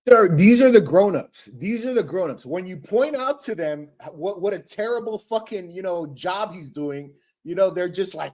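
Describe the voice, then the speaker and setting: A man's voice: sits high, animated, moderate pace, hardly any pauses, darkish tone. A man hosting a livestream, ranting in a profane, exasperated way with frequent stammers. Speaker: livestream host. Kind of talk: casual livestream rant.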